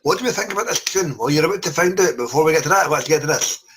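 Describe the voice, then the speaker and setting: A man's voice: fairly high pitch, lively intonation, racing, background noise. A man hosting a casual podcast chat, introducing guests with jokes and lots of filler words. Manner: jokey, rambling with fillers. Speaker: podcast host.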